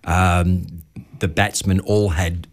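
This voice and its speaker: A man's voice: sits low, little pitch movement, takes it slowly. An Australian man hosting a podcast, telling laid-back stories in casual chat and chuckling along. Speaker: podcast host.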